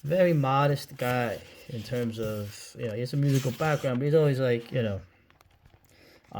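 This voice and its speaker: A man talks casually through a book he likes, in a loose and rambling vlog. His voice sits at an ordinary middle pitch, full of "uh" and "right?" as he jumps from one point to the next. His talk is easygoing and now and then profane. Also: normal speed, a little mellow, a little hiss or hum. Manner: rambling, lots of fillers and asides; casual, swears, says "dude" and "right?". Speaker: book reviewer.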